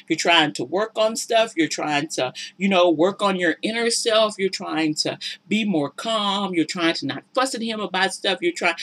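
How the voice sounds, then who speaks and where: A woman's voice: lowish voice, fairly bright tone. A woman giving casual, sassy and preachy commentary on a reality show, exasperated with the people in it. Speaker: relationship commentator.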